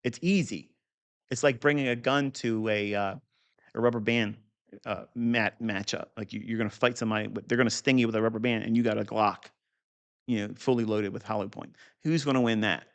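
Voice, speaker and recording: A man's voice: on the low side, steady tone, brisk. A middle-aged man giving an unscripted trading lesson in a blunt, profane way, with rambling asides. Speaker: trading teacher.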